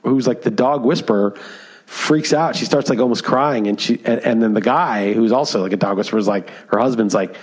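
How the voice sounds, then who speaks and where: A man co-hosting a podcast, telling a story in casual chat, animated and full of fillers. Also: medium pitch, fairly quick, husky. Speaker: podcast co-host.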